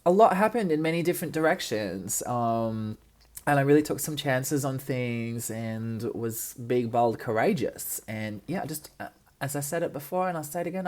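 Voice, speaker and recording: A woman's voice: very deep voice, expressive, moderate pace, a little mellow. A young woman hosting a casual solo podcast, chatty and cheeky, swearing freely with lots of ums, recorded in an apartment. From Australia. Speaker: podcast host. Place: friend's apartment.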